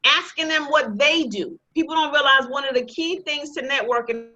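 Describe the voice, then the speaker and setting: A woman teaching a real estate investing class, talking in a lively, joking, sales-pitch way. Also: moderate pace, soft background music, poor audio. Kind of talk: live online class presentation.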